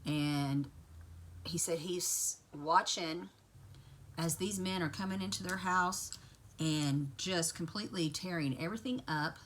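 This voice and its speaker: A woman's voice: lowish voice, unhurried, a little hiss or hum. A woman vlogger casually retelling a TV episode to her viewers, chatty and full of asides. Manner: chatty, lively storytelling with asides.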